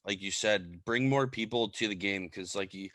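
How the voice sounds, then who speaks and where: A man's voice: on the low side, moderate pace, fairly bright tone, dry recording. A young man with a Wisconsin accent co-hosting a podcast and chatting casually, speaking in loose, easygoing sentences. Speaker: podcast co-host. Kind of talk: casual interview chat.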